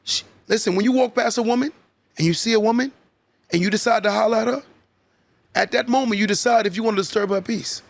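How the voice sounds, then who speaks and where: A man with a high, gravelly voice delivers a motivational sermon-style talk on his podcast. He repeats his points and keeps asking "right?" for emphasis. The recording is dry and close, with no room sound. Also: fast talker, dry recording. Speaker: podcast host.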